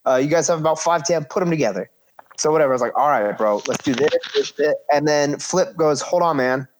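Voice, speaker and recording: Animated man telling a wrestling story. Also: a little high, quick pace, slight background noise. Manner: animated, acts out quoted voices, swears casually. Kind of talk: casual storytelling chat.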